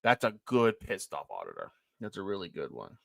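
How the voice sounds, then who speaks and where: Male streamer, rambling casual chat, lively delivery, dry room. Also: low-pitched, fairly quick, vocal fry, no room sound. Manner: rambling, chatty, laughs often. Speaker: live stream co-host.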